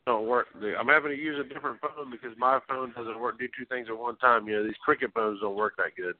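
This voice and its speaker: A man's voice: medium pitch, quick pace. A middle-aged man calling in to a radio show, talking in a plain, friendly way. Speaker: caller. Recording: tinny phone line.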